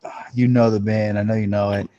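A man's voice: on the low side, little pitch movement, fairly quick, dark tone, no room sound, dull audio. A man co-hosting a podcast in casual chat, swearing freely and calling his friend "bro". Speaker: podcast co-host.

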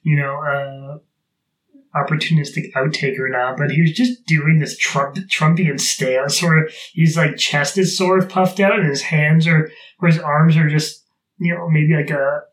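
A man's voice: fairly high pitch, steady tone, unhurried, rough recording. A man co-hosting a podcast, chatting casually, rambling with sarcastic asides. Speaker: podcast co-host. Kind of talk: casual chat.

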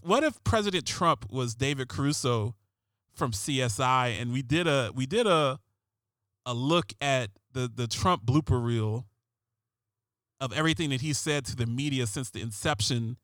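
A man hosting a talk radio show, ranting sarcastically in a rambling way, repeating himself and getting louder and higher on his punchlines. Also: sing-song, normal speed, no room sound, studio quality. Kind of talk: comedic political rant.

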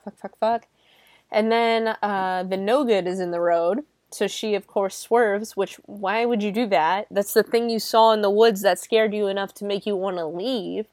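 A woman's voice: mid-range voice, dry recording. A woman hosting a podcast, talking casually and animatedly, full of sarcasm, swearing and "like" fillers. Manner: lots of "like" fillers. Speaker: podcast host reviewing a film. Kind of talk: casual chat.

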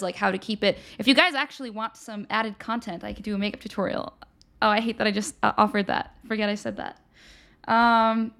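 Young woman on a livestream, kinda high voice, lots of um and like, reading out chat. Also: a bit bright, clean tone. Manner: chatty, many fillers, reads viewer comments aloud. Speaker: livestream show host.

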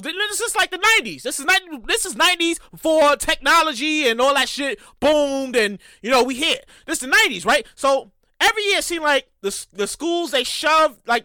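A man hosting a solo comedy podcast, telling profane stories with frequent shouted outbursts. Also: extremely high pitch, no echo, clean studio sound. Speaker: podcast host.

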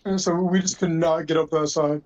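A man chatting casually with friends, telling quick rambling stories. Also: a little high, steady tone, a little mellow, rough recording. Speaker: podcast co-host. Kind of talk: casual chat.

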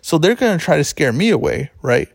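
A man's voice: a little high, very animated, fairly quick, vocal fry, husky, no echo, clean studio sound. Chatty male sports betting host. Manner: chatty, rambling, self-correcting. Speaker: podcast host. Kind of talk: casual sports betting chat.

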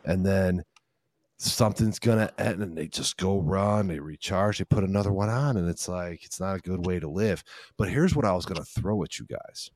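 A man with a low, deep voice hosts a casual podcast chat, animated and emphatic, running off on long tangents and swearing freely. The sound is dry and close, with no room around it. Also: moderate pace, no room sound. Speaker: podcast host.

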